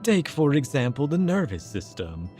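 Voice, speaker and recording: A man reading the lines of a solemn, otherworldly ghostly creature in a stately, measured way. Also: fairly high pitch, sing-song, warm tone, faint music behind, voice pushed up.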